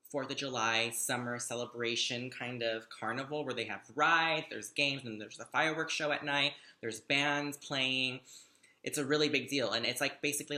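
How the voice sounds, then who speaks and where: A man's voice: mid-range voice, pushed and bright. A young man telling a story to the camera, chatty, gossipy and dramatic, with plenty of swearing. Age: young adult. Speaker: vlogger. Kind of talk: casual storytime monologue.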